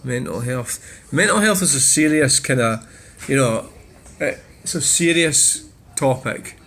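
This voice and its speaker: A man's voice: medium pitch, expressive, slow pace, vocal fry, a bit bright. A Scottish man hosting a vlog, bluntly and swearily reacting to viewer comments. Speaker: channel host.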